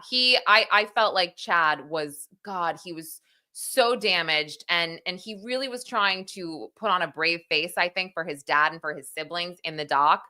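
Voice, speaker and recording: A woman chats casually about a true crime case on a podcast. Her voice is bright and a little low-pitched. She talks in a stop-start way, repeating words as she goes. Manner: halting, repeats words, expressive.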